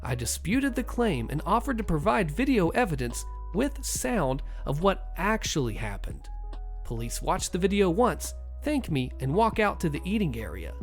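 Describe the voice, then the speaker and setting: Gravelly animated male storyteller. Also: high-pitched, normal speed, faint music behind. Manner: animated, wry, exasperated asides. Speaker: podcast host reading stories. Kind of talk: storytelling narration with casual commentary.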